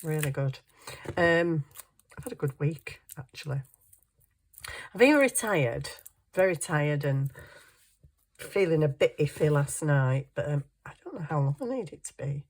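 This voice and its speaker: Woman, low register, chatty self-mocking craft vlogger thinking aloud at her desk. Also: expressive, measured pace, pauses often. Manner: chuckles often while working. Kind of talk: casual crafting chat.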